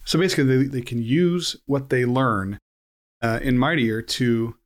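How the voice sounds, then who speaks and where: A middle-aged man hosts a casual interview, relaxed and a little halting. He fills pauses with ums as he frames his questions. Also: medium pitch. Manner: relaxed, hesitant, many fillers. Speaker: podcast host. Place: home during lockdown.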